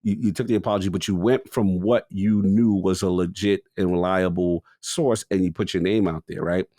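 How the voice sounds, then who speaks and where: A man co-hosting a gaming podcast in casual chat, slangy and animated, jumping into louder acted-out bits. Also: deep voice, moderate pace, no echo, studio quality. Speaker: podcast co-host.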